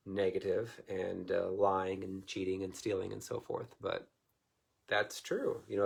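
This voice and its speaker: A man's voice: fairly low pitch, creaky, husky. A man preaching informally to viewers, rambling in a folksy way and chuckling often. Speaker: Christian minister.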